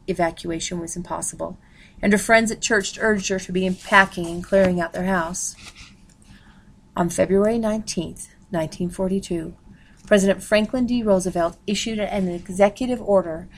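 A woman reads a novel aloud in a husky, breathy voice with a gravelly creak. She keeps a steady pace and calls out page numbers as she goes. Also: lowish voice. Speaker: reader.

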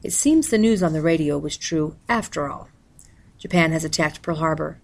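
A woman voicing a worried Japanese immigrant father who speaks calmly and politely. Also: low voice, moderate pace, creaky. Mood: strained calm.

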